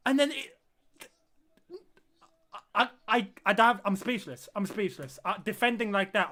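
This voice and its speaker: Man, high voice, live match reaction, repeats himself, exclaims and groans. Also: animated, a little slow, pauses often, pushed and bright. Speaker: football watch-along streamer.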